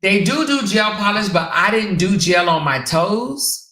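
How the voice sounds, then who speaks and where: A woman hosting a casual livestream, telling stories and reading viewer comments in an animated, sassy way. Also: mid-range voice, unhurried. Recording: roomy echo.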